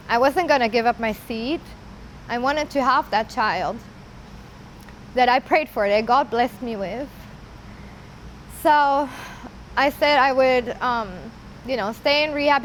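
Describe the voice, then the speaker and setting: An earnest woman with a slightly high voice gives personal testimony as an interviewee telling her story. She speaks haltingly with many "like" and "you know" fillers, and the audio is poor, with a little hiss or hum.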